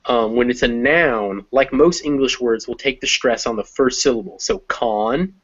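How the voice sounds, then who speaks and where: Uomo insegnante d'inglese, registrazione un po' sorda. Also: male voice, mid-range voice, a bit bright. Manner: explains step by step, pausing to think with many ums. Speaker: English teacher. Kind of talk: conversational language lesson. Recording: slightly dull recording.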